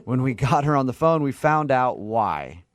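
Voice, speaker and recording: Lively joking male radio host. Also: mid-range voice, normal speed. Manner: jokey, animated storytelling with silly put-on voices. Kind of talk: morning radio banter.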